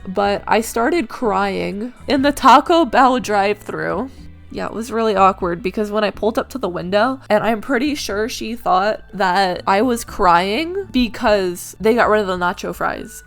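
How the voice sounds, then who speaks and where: Chatty young woman, gravelly. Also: medium pitch. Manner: chatty, with many "like"s and acted-out quotes. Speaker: gaming vlogger telling work stories. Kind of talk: casual storytime over gameplay.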